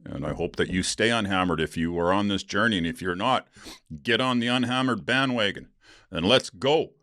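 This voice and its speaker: Very deep-voiced man, candid podcast host. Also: normal speed, pushed and bright, dry recording, studio quality. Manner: candid, rambling, laughs while telling stories. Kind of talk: casual solo podcast monologue.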